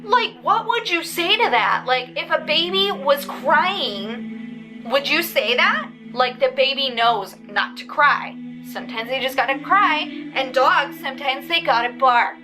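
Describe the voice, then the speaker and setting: A woman's voice: high-pitched, expressive, unhurried, rough recording. A woman vlogger casually telling a story in a profane, indignant rant, recorded outdoors on a windy day. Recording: music bed under the voice.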